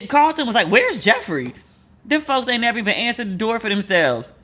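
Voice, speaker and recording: Animated woman in her forties riffing. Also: a little high, fast. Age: 40s. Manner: animated, acts out quotes in different voices. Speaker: podcast host. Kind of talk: casual solo commentary.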